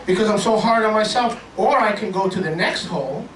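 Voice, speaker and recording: A high-pitched male pastor delivers an animated, joking sermon, slipping into little acted voices as he tells his stories. He sounds a bit distant from the microphone in an echoey worship hall, with faint room ambience behind him. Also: fairly quick, noisy background.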